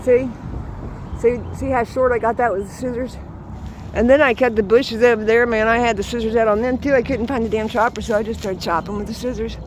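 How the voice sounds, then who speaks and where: A woman's voice: a little high, fairly even intonation, brisk, slight background noise. Boisterous, salty woman in her sixties. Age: 60s. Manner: laughing, salty, boisterous storyteller. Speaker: vlogger. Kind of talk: casual storytelling. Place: outdoors at her home yard.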